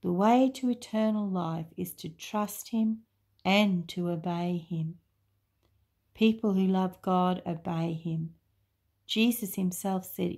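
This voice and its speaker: An Australian woman reading a children's story and a devotion in a calm, measured manner. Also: fairly low pitch, gravelly. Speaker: church story reader.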